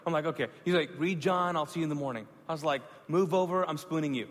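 A man preaching a sermon, telling a personal story with animated acted-out dialogue and hushed moments. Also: a little high, fast talker, hardly any pauses, big-room sound, a little hiss or hum. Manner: animated, acts out dialogue with rising excitement then hushed reverence. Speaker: pastor.

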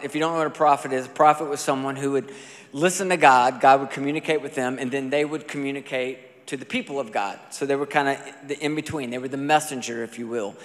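A man gives a sermon from the pulpit, his slightly high voice carrying a long reverb through a large hall. He tells stories in a casual, animated way, full of conversational asides. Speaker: pastor.

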